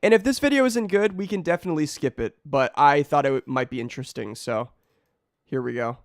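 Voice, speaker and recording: A hoarse young man chatting casually to a livestream audience, rambling and slangy, his voice nearly worn out. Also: a little high, fairly quick, no room sound, studio quality. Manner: rambling, slangy, self-interrupting. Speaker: streamer.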